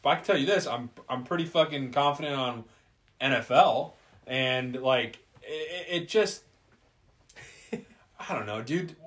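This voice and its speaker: A man's voice: medium pitch, lively intonation, a little slow, long pauses, a bit bright. A man hosting a casual sports podcast, ranting bluntly with plenty of swearing and loose, rambling sentences. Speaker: podcast host. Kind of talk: casual chat.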